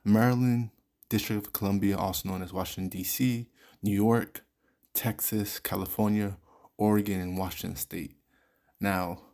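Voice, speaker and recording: A man's voice: low voice, darkish tone. A man hosting a podcast, giving blunt, candid advice straight to his listeners in a casual monologue. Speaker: podcast host.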